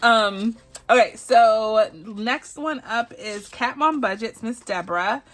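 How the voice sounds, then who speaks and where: A woman from Texas talks in a slightly higher voice as she hosts a budgeting channel. She chats casually, giggles often and adds up the numbers aloud as she goes. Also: slow pace. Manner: chatty and giggly, counting sums aloud. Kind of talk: casual chat while doing savings challenges.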